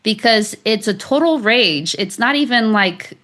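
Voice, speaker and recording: Appearing as a guest on an interview show, this author shares a personal story conversationally, peppering it with "like," fillers, and laughter. Her voice is a little high and a bit bright, with lively intonation and a measured pace.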